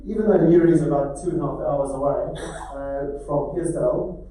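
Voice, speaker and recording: A middle-aged man from South Africa with a South African accent, giving a conference talk as a farmer, halting with many fillers and restarts. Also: on the high side, warm tone. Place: large conference hall. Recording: echoey hall, mic at a distance.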